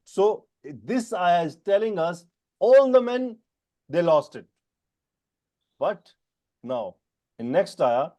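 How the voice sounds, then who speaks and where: Male teacher, non-native English, mellow tone, higher pitch, Quran grammar lesson, quizzing students. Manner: questioning students by name, explaining terms slowly.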